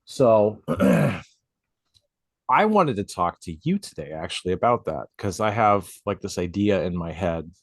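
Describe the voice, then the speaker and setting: Chatty low-voiced man, dry close sound. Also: big pitch swings, measured pace, vocal fry, dry recording. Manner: chatty, swears freely, laughs often. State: coughing from a drink gone down the wrong pipe. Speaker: podcast co-host and tattoo artist. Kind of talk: casual chat. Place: home studio, outside noise nearby.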